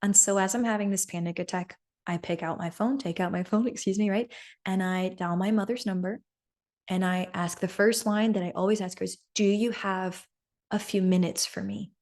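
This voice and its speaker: A woman's voice: medium pitch, fairly even intonation, moderate pace, darkish tone. Earnest woman host. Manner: earnest, repeats "right?" often. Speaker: podcast host. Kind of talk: personal story and coaching talk.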